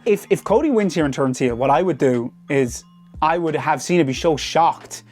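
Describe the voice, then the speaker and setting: A young man giving casual, rambling commentary with predictions, often repeating "I feel like" and getting animated. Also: a little high, moderate pace, faint music behind. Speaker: wrestling predictions host.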